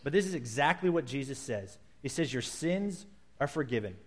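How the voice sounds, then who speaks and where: A man preaching a sermon, telling a scripture story in vivid, animated detail and acting out its scenes. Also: medium pitch, moderate pace.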